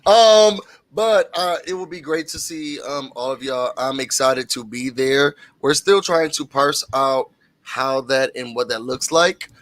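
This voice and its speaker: A man with a Southern American accent co-hosting a casual chat on a video call, talking fast and laughing often. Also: mid-range voice, no echo. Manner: animated, quick talker, laughs often. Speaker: co-host.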